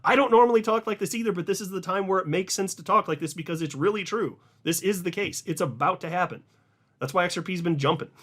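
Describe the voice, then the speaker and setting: Male host, slightly high voice, emphatic and eager, casual to-camera commentary. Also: fast. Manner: excited, emphatic, repeats words. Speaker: crypto video host.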